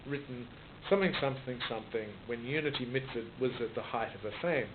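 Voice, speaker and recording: This Australian writer in his sixties talks fast in a medium pitch during a conversational interview about his writing, frequently restarting and repeating words. The recording is muffled, phone-like and noisy.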